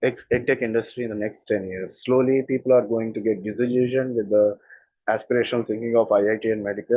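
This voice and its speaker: A man's voice: on the low side, dry recording, highs cut off. Earnest man with an Indian accent. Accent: standard Indian English. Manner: earnest, emphatic, repeats phrases for stress. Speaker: communication skills coach. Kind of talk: explanatory talk.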